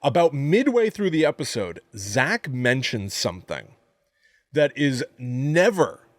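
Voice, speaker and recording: A man's voice: medium pitch, sing-song, slow, dry recording. Podcast guy recapping stuff, wry and jokey, dry close mic. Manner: wry, joking, recaps with playful asides. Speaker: podcast co-host. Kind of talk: casual chat.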